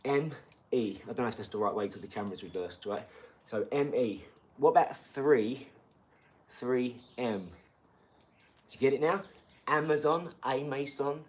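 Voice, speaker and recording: A man's voice: medium pitch, measured pace, long pauses. A man chatting casually and slangily to viewers on a live stream from a garage gym. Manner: chatty and slangy, talking straight to the chat.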